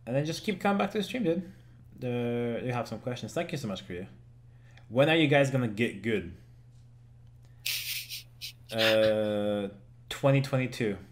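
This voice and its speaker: A man's voice: medium pitch, animated, measured pace, long pauses, a little hiss or hum. A man, hosting a casual gaming podcast, joking, laughing often and swearing casually. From Germany. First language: German. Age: 20s. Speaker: podcast host and game streamer.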